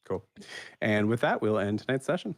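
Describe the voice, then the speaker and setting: A man running a tabletop role-playing game as game master, narrating with many pauses and restarts. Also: on the low side, lively intonation, no room sound, clean studio sound. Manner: halting, many ums and restarts.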